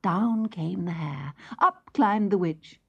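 Woman storyteller, low voice, slow and sing-song with hushed asides; lo-fi cassette, faint music behind. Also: husky. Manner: slow, expressive, sing-song reading with soft whispers. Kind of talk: scripted children's story narration.

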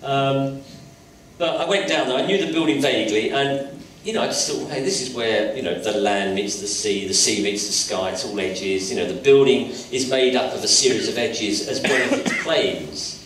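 Older english artist telling stories in a big echoey hall, acts out the voices, a bit of background hiss. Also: male voice, mid-range voice, moderate pace, distant mic. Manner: lively storyteller acting out voices. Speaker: sculptor, invited guest artist. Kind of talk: anecdotal talk on stage. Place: college lecture hall.

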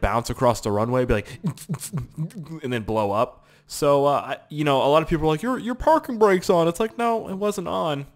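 A man giving casual gameplay commentary as a YouTuber, rambling and self-mocking, with swearing and sudden excited outbursts. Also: medium pitch. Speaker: gaming YouTuber.

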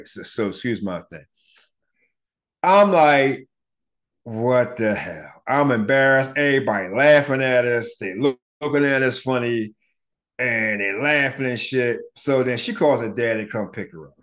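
Middle-aged man, podcast host, casual storytelling, swears freely, acts out quoted voices. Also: mid-range voice. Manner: animated, profane, acts out quoted people.

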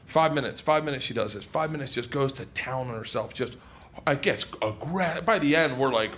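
A man telling a profane story on stage as a stand-up comedian, loud and laughing. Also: mid-range voice, expressive, moderate pace. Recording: noisy stand-up clip played back.

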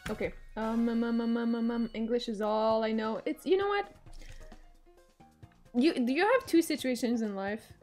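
A woman's voice: on the high side, normal speed, a little mellow, soft background music. Giggly young Quebecois woman streaming a game. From Quebec, Canada. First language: Quebec French. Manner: rambling, self-mocking, swears freely, giggly. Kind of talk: casual gameplay chat.

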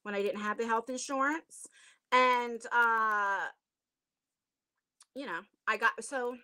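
A woman's voice: on the high side, slow, sharp tone, clean tone, dry recording, studio quality. A middle-aged woman chatting casually with viewers on a home livestream from her attic, rambling with lots of fillers. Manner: chatty and rambling, many fillers, self-conscious laughs. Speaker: channel host. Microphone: tablet device.

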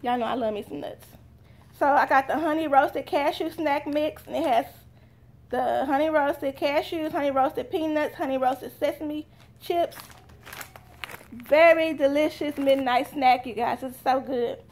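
A woman's voice: sits high, measured pace, a little mellow, a little hiss or hum. A young woman, chatting straight to her viewers in a casual haul vlog. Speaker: vlogger.

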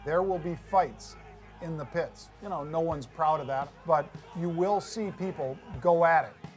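Higher-voiced man with punchy speech. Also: a little slow, faint music behind. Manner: vivid, punchy storytelling. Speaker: floor trader. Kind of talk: documentary interview.

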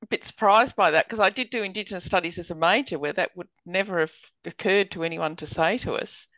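A woman's voice: fairly low pitch, fast talker, fairly bright tone, dry recording. A woman graduate student on a video call, musing thoughtfully about her research. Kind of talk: casual video call chat.

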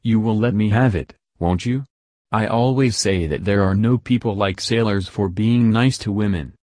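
A spirited, headstrong young heroine from an audiobook, voiced by a man reading in his own fairly low voice. She speaks with a dry, close sound. She is firm at one moment and pleading at the next. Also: moderate pace, a little mellow, dry recording, natural voice.

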